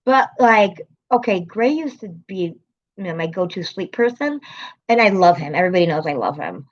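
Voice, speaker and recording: A woman's voice: lowish voice, expressive, moderate pace. Chatty woman on a lo-fi livestream. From American city. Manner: rambling, chatty, laughs often, swears. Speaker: livestream host. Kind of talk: casual livestream chat.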